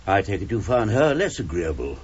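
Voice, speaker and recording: An actor in a radio drama playing a gallant, fussy elderly English gentleman with a husky voice. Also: on the low side, very animated, brisk, highs cut off. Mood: concerned. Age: older. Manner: courteous, dry and fussy.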